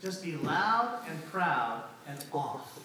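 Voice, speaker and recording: This middle-aged man's voice is a little high, with big pitch swings and a slow delivery. He gives a conversational sermon, calling on the congregation for responses, and the recording comes from far off in an echoey church hall with a noisy background.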